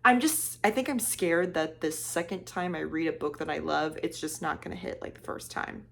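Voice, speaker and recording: A woman's voice: deep voice, normal speed, gravelly, a bit bright. A young woman talking casually in a book vlog, rambling off on tangents, joking at her own expense and sometimes dropping into a whisper for emphasis. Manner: chatty, rambling, self-deprecating, drops into whispers for emphasis. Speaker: book vlogger.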